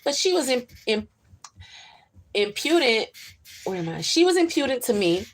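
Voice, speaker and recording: A woman voicing an anxious, proper mother who talks in a high, strained, fretful way. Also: big pitch swings, moderate pace, a little hiss or hum.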